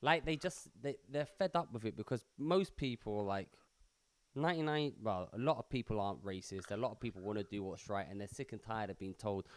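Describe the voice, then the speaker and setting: Blunt man with a smooth voice. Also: on the low side, fairly quick, dry recording. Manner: blunt, opinionated, emphatic. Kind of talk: casual podcast chat.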